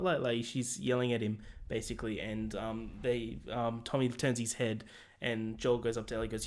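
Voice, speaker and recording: A man co-hosting a podcast, retelling scenes in a lively, casual way and acting out characters' lines, swearing freely. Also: medium pitch, moderate pace, few pauses. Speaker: podcast co-host. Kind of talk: casual chat. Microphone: remote call.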